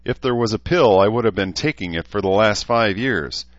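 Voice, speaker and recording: A man's voice: fairly low pitch, normal speed, dry recording, muffled recording, voice pushed up, close to an everyday voice. A man voicing a young man who jokes about himself with dry asides. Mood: joking. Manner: joking, dry self-mocking asides. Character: young man, wry self-deprecating joker.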